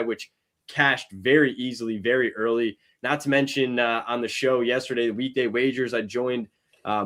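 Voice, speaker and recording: A man's voice: mid-range voice, fairly bright tone. A man hosting a live sports betting show, chatting casually and greeting viewers in the chat. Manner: rambling, upbeat, greets chat viewers by name.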